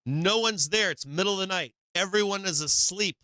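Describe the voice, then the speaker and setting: A man with a very bright, smooth and crisp voice, telling a story on a live stream. He rambles, repeats himself and swears freely. The sound is dry and close. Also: high voice, normal speed, dry recording, poor audio. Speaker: host of a live stock market show.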